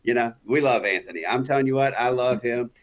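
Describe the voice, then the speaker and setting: A man's voice: mid-range voice, brisk. A man hosting an interview podcast, easygoing and affirming, with frequent "yeah" and "uh". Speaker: podcast host. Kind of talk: casual interview chat.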